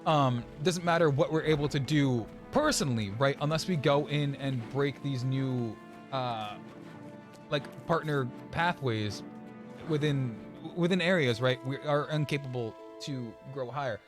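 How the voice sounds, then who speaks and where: A young man streaming a game and chatting casually, rambling with many restarts and quick laughs. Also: mid-range voice, over music. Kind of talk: casual chat while gaming.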